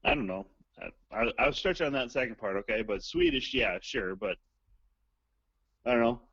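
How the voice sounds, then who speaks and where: A man's voice: medium pitch, expressive, normal speed, fairly bright tone, breathy edge, no echo. A man calling in to a talk show, rambling and joking crudely. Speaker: caller guest. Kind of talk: casual phone chat. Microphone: phone line. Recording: dull lo-fi phone line.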